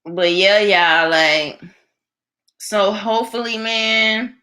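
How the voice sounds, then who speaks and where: Slow-talking, bright-voiced woman streamer. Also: medium pitch. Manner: chatty, lots of fillers, reads viewer comments aloud. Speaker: live-stream host. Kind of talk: casual live-stream chat with viewers.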